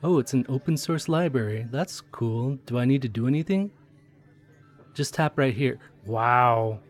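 A man's voice: medium pitch, a little slow, faint music behind, close to an everyday voice. A man playing a chatty train conductor. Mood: curious. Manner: chatty, curious, easily excited. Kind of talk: audio drama role-play narration.

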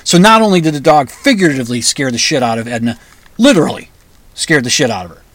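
A man's voice: mid-range voice, expressive, fast talker. A man telling a personal story in a conversational way, with restarts and flashes of raised, angry emphasis. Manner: conversational, restarts, flares into loud angry outbursts.

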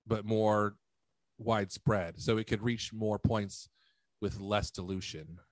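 A man's voice: on the low side, steady tone, takes it slowly, no echo. A man co-hosting a podcast in casual chat, joking and emphatic as he tells stories. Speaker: podcast co-host.

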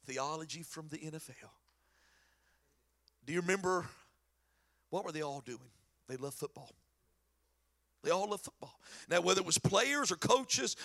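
A middle-aged man delivers a sermon in a church, his high voice edged with gravel and a husky breathiness. He tells stories with animated energy and bursts of shouted emphasis, and his tone stays bright and forceful. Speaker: pastor.

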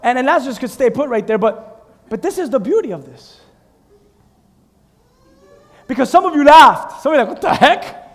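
A male pastor preaching a sermon with animated storytelling, putting questions to the congregation. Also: very high voice, big-room sound.

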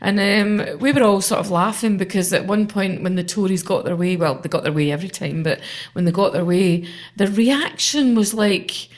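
A woman's voice: mid-range voice, moderate pace. A woman politician chatting in an interview, telling anecdotes animatedly and mimicking other people's voices. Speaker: member of parliament. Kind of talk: casual interview chat.

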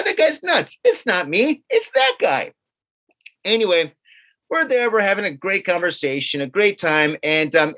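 A man co-hosting a podcast, telling a story casually and acting out what others said, with some swearing. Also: a little high. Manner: animated, acts out quotes of others with swearing. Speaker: podcast co-host.

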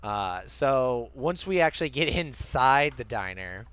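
A man co-hosting a casual podcast chat, animated, swearing casually and laughing often. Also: mid-range voice, unhurried, smooth. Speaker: podcast co-host. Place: lives near Maryland.

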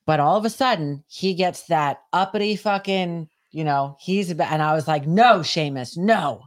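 A woman co-hosting a podcast who tells stories in a loose, animated way and swears freely. She raises her voice when she acts out the scene. The recording is dry and close. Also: fairly low pitch, normal speed, no echo. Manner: animated storytelling, heavy swearing, shouts when acting out scenes. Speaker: podcast co-host. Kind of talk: casual chat.

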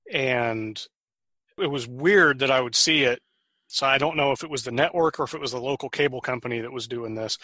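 Bright, chatty middle-aged man. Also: medium pitch, no room sound. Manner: talkative, trails off with fillers. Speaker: podcast co-host. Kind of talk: casual chat.

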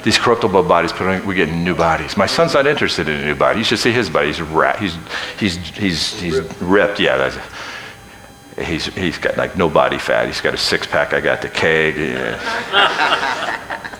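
A man in his sixties preaching a sermon, folksy and joking, swinging from shouting to hushed near-whispers. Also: extremely low pitch, big pitch swings, normal speed.

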